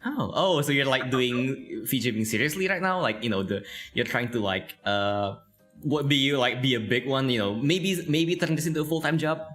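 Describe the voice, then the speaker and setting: A man's voice: mid-range voice, normal speed, fairly bright tone, faint music behind. A young man from Malaysia interviewing a guest in casual chat, full of fillers and frequent laughter. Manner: chatty, laughs often, many fillers. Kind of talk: casual video-call chat.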